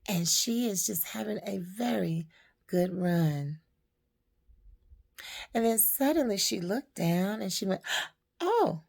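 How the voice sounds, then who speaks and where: Woman storyteller, slow and gravelly, emphatic life advice. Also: medium pitch, lively intonation, darkish tone. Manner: slow, emphatic, preaching to women. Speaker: storyteller and motivational speaker. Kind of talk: spoken parable and life advice.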